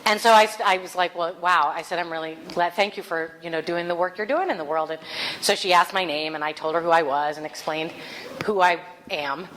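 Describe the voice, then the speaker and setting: Woman minister, lower voice, lively storytelling sermon with faint room noise. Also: a little fast, rough recording. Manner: animated storytelling, acts out quoted voices.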